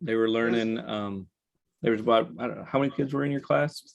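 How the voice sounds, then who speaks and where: Relaxed man chatting on a call. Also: medium pitch, brisk, creaky, lo-fi sound. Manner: relaxed, with hesitations. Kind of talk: casual video-call chat.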